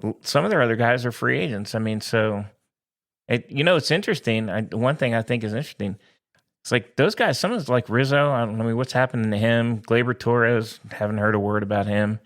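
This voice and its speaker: A man co-hosting a casual sports podcast, talking in an animated, joking way with frequent restarts. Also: mid-range voice, brisk. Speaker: podcast co-host.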